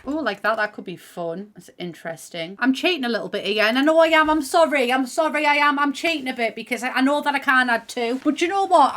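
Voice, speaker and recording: A woman with a Teesside accent chats her way through a game build, swearing freely and poking fun at herself. Her voice sits in a middle register with a bright, forceful edge. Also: medium pitch. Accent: Teesside English. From Middlesbrough, England. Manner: chatty, sweary and self-mocking. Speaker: gaming YouTuber. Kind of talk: gameplay commentary.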